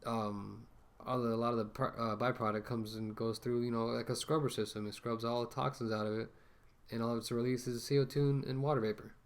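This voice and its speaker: Gravelly man rambling through a rant. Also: mid-range voice, fairly even intonation, fairly quick, hardly any pauses. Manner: rambling, many fillers and restarts. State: talking through a mask. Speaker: vlogger. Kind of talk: casual rant to camera.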